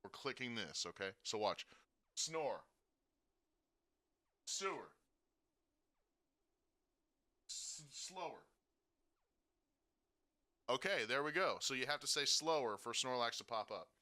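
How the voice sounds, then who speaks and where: A man giving a casual software tutorial, talking through each step and checking in with frequent "okay?" and "right?". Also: mid-range voice, animated, fairly quick, hardly any pauses. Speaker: streaming tutorial host.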